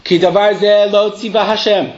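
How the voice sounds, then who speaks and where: A man teaching a Torah class to his students. He reads old texts aloud and unpacks them in a loose, chatty way with plenty of rhetorical questions. His voice sits a bit high, and the muffled recording has a faint hiss behind it. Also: fairly even intonation, moderate pace.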